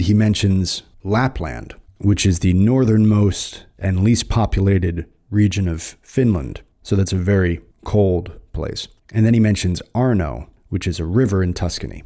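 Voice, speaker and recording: An American man with a low voice reads poetry aloud on his podcast. His tone is dark and mellow, and he takes the verses slowly and deliberately between casual explanations. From United States. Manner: measured, slows down to recite verse. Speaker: podcast host. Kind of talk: reading poetry aloud and commenting.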